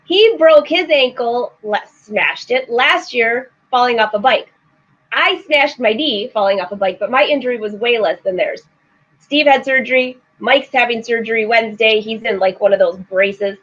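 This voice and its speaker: A middle-aged woman with a bright, high voice hosts a live sewing show, chatting and laughing with viewers as she reads out their comments. The stream audio is slightly dull and lo-fi. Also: moderate pace. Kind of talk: casual live-stream chat.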